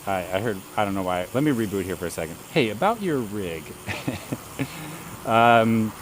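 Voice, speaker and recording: A man with a lowish voice talks at a moderate pace on a live stream while biking outdoors, laughing often and greeting viewers in casual chat. The audio, from a camera rig on the bike, has a little hiss or hum.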